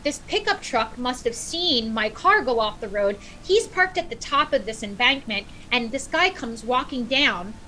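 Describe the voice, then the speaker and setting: Woman guest, middle-aged, lively storyteller, bright higher voice, faint background hiss. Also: moderate pace, few pauses, rough recording. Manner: animated storyteller, acts out quotes. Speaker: podcast guest. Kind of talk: casual storytelling.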